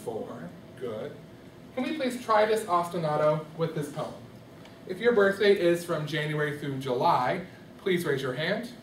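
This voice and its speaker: A man's voice: a little high, lively intonation, measured pace, a little hiss or hum. A man teaching a music lesson to a classroom, asking students questions and coaxing answers. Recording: echoey classroom from far off.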